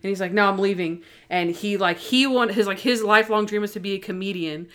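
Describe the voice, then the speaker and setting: A young woman in casual chat, retelling TV episodes with quick acted-out lines. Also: medium pitch, a bit bright, smooth. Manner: chatty retelling of TV scenes, acting out lines.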